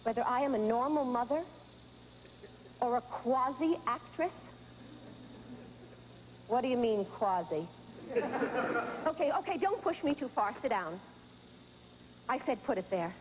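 Frazzled middle-aged mom, high-voiced and frantic, stammers and scolds an unseen teen. Theatrical monologue delivery. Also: female voice, animated, unhurried, long pauses, slight background noise, poor audio. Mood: exasperated. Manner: frantic, stammering, exasperated, talking to an unseen child. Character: frazzled middle-aged mother of a teenage daughter. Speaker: stage actress in a one-woman show. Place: theater stage.

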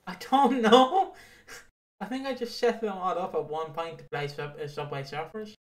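A podcast co-host tells meandering stories in casual chat, tripping over restarts and breaking into laughter. The voice sits at a middling pitch, loose and sweary, and keeps looping back before reaching the point. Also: moderate pace.

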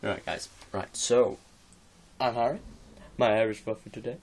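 Low-voiced rambling young man vlogging. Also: moderate pace, vocal fry, a little mellow. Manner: rambling, giggly, offhand. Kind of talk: casual chat to camera. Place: bedroom with music posters on the wall.

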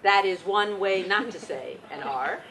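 A woman leading a Yiddish singing workshop, explaining patiently and gently, with occasional fillers. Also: medium pitch, unhurried, vocal fry, slight background noise, rough recording. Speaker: Yiddish song leader.

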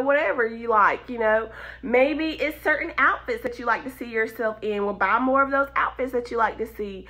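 A young woman with a Southern country accent gives an informal devotional talk, emphatic and lively, often breaking into laughter. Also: medium pitch. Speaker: devotional speaker.

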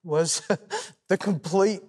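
A young man with an East Tennessee accent, a musician guest on a talk show, telling his story softly with many pauses and ums. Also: high voice, slightly rough. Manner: soft-spoken and halting, many ums.

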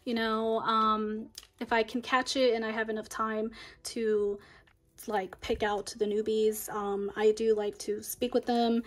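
Chatty woman counting cash, slightly high voice. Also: level tone, unhurried. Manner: counting bills aloud, chatty and upbeat. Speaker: budgeting vlogger. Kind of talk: casual cash-stuffing chat.

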